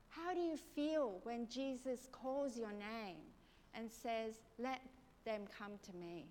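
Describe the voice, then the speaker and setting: A woman preacher leading a congregation through a gentle guided prayer meditation, asking soft questions. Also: on the high side. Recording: long reverb of a large hall, faint noise.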